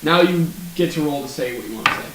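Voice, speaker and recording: A man narrating as game master of a tabletop game, lively and explaining the rules. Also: on the high side, quick pace, noisy background. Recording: echoey room from far off.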